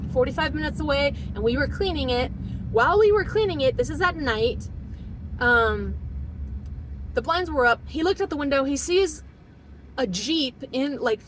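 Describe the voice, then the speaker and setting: A woman's voice: lively intonation, moderate pace, noisy background. A woman in her thirties telling a painful personal story, her voice shaky as she holds back tears. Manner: fighting back tears, voice dropping low and shaky.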